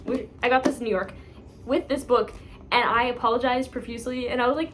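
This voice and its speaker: A young woman talks through her book stack in a chatty, rambling way, laughing at her own slips. Her voice sits a little high, with a faint hiss of noise behind it. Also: fairly even intonation, a little fast. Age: young adult. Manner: chatty, rambling, self-mocking, many fillers. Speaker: book vlogger. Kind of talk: casual chat.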